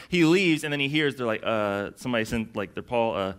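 A man's voice: mid-range voice, brisk, few pauses, fairly bright tone. A young adult man preaching a sermon as pastor, in a casual, conversational way with lots of fillers.

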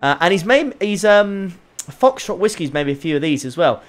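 A man streaming a racing game, chatting casually with viewers, excitable and jokey with plenty of swearing. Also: high-pitched, normal speed, soft background music. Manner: excitable, joking, swears freely. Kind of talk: casual live-stream commentary.

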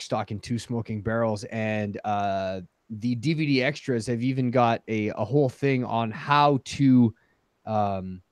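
Male podcast co-host, lively storyteller, dry close sound. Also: mid-range voice, dry recording. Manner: animated storyteller, playful exaggeration. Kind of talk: casual chat.

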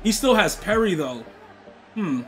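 A young man streaming a football video game, talking slangy trash to his chat and yelling at plays. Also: high-pitched, animated, unhurried, music in the background. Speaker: gaming streamer. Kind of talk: live game stream commentary.

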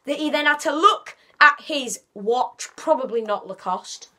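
A woman's voice: high voice, lively intonation, a little slow, pushed and bright. A woman giving a casual, rambling football match reaction as a fan vlogger, often correcting herself.

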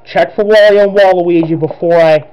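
A man's voice: high-pitched, steady tone, normal speed, clean tone, lo-fi sound. A man giving chatty let's-play commentary, who laughs a lot and apologizes for his own voices. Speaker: gameplay commentator.

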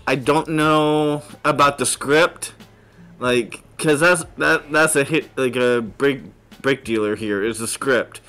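A man co-hosting a casual gaming talk show, talking in halting bursts with repeated words and restarts. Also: mid-range voice, a bit bright. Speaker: podcast co-host. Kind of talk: casual chat.

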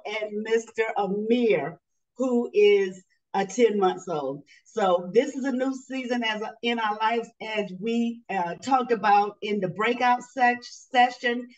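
Older woman in her sixties, distant and muffled. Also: fairly high pitch. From Georgia, US. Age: 60s. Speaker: panelist, author and transformation coach. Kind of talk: panel introduction.

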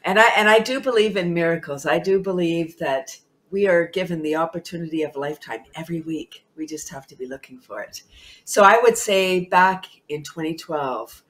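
A woman's voice: on the low side, normal speed, fairly bright tone. A woman guest on a talk show, speaking with bubbly enthusiasm, laughing often and repeating herself for emphasis.

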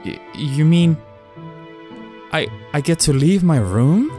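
A man's voice: a little high, very animated, slow pace, warm tone, faint music behind, voice pushed up. A man voicing an eager young boy in a hospital, stammering when upset, in a game. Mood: excited.

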